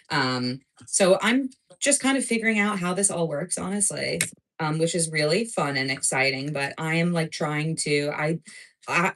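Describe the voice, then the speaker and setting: With a strong New Jersey accent, this woman from the state runs a chatty, rambling live cooking show full of filler words. She has a low voice, heard over poor audio.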